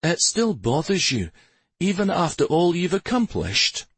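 A man voicing a soft, tender young wife. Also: fairly high pitch, sing-song, a little slow, breathy edge, no echo, voice pushed up, full character voice. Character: warm tender young woman, a prince's wife.

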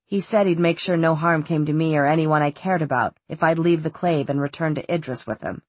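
Jace is a guarded young man with a wry, offhand way of talking, voiced by a woman narrating an audiobook. His lines sit slightly lower and come out breathy. The sound is close and dry, with no room around it. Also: brisk, a little mellow, no echo. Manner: light, dry, understated.

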